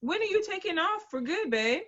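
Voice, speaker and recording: A woman's voice: extremely high pitch, normal speed, lo-fi sound. A woman co-hosting a casual chat, telling stories animatedly and acting out what others said. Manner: animated storyteller, acts out quotes. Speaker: co-host.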